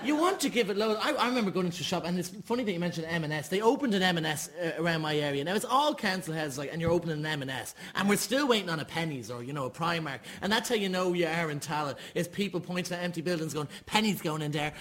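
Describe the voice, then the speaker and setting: Man, animated comic storytelling, high voice. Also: quick pace, few pauses. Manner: animated, mimics other people's voices. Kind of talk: comic storytelling on a panel show.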